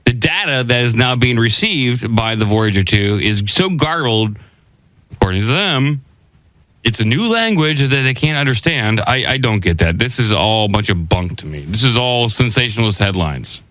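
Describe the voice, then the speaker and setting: A man's voice: medium pitch, expressive, normal speed, fairly bright tone, no echo, poor audio. Man, podcast host, casual joking chat, skeptical, dry close sound. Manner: skeptical, joking, sometimes puts on a stiff robot voice.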